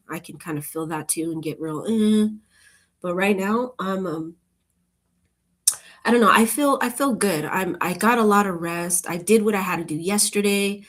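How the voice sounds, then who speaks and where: A woman with a somewhat low voice talks casually to her viewers. She rambles cheerfully from one thought to the next, easy and talkative. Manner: chatty, rambling, upbeat. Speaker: channel host.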